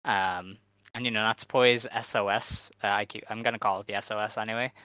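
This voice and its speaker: A man hosting a podcast, recapping in relaxed casual chat. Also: on the low side, brisk, clear, resonant tone, no room sound. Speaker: podcast host.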